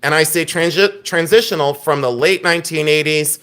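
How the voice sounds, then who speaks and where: A man's voice: on the high side, normal speed, a bit bright. Chatty man hosting a live jewelry sale. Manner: chatty, openly frustrated, thanks viewers by name. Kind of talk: live-stream selling chat.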